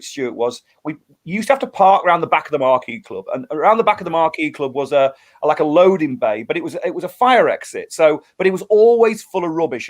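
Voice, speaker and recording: Middle-aged male musician guest, slightly high-pitched, animated storyteller with restarts. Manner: animated storyteller, acts out quotes, many restarts. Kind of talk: storytelling in a casual interview.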